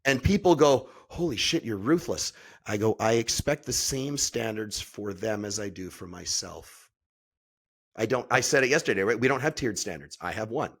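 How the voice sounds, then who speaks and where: A man who is a podcast guest, telling stories in a blunt, profane, animated way. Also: lowish voice, moderate pace. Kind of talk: casual conversation.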